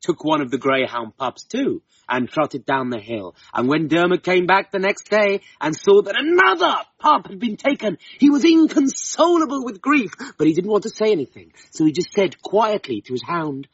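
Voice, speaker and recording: A man telling a folk tale in an expressive, dramatic way, slowing down for emphasis. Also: high voice, breathy edge, dry recording. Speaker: storyteller. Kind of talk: oral storytelling of a folk tale. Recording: dull, slightly distant, harp music behind. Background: soft harp music.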